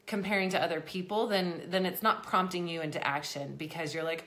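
A woman's voice: fairly low pitch, steady tone, normal speed, few pauses, bright, forceful tone. Chatty, slightly breathless woman. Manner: chatty, rambling, many "you know"s. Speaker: host of an exercise program for people with MS. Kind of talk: casual motivational talk.

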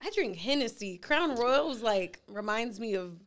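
A young woman joins a podcast as a guest, speaking in a somewhat high voice. She teases her friend and laughs often, leaning on "girl" and "y'all". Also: expressive, moderate pace. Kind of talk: casual chat.

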